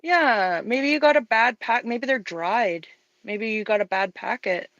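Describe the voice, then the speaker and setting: A woman's voice: on the high side, unhurried, fairly bright tone, lo-fi sound. A Canadian woman chats while she paints on a live stream. Her voice sits close and dry, with no room echo at all. She laughs easily and pokes fun at herself. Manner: chatty, laughs easily, self-deprecating.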